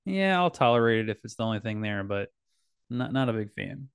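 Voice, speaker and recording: A man's voice: lowish voice, sing-song, fairly quick, gravelly, clear, resonant tone, no echo, clean studio sound. A father in casual talk, telling a family story in a rambling way, correcting himself often and laughing now and then. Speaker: podcast host and dad.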